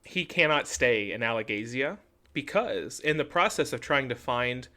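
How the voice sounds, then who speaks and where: A young adult man on a podcast he co-hosts chats casually, performing characters' lines as he retells a story. His mid-range voice has lively intonation and a sharp tone at a moderate pace.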